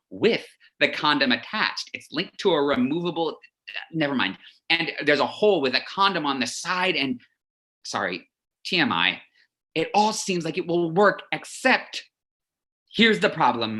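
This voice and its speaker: A man's voice: medium pitch, sharp tone. A man playing a gushing, lovesick son. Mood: nervous. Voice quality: gushing, rambling, quick to confess. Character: lovesick, lonely, chatty young man in lockdown. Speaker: son leaving a video message for his mother. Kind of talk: theatrical monologue.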